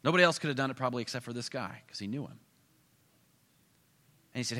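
A male preacher telling a story with animated swings between loud bursts and hushed asides. His voice is bright and forceful at a middle pitch. It carries with a long reverb through a church hall. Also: fast, pauses often. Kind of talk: storytelling sermon. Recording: echoey hall.

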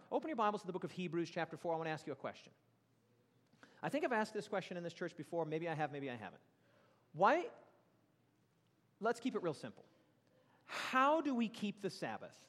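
Brief: male pastor, sermon to a live church, high voice, lively questioning delivery, hall reverb. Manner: animated, questions the congregation, big swings in pitch and loudness. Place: church sanctuary.

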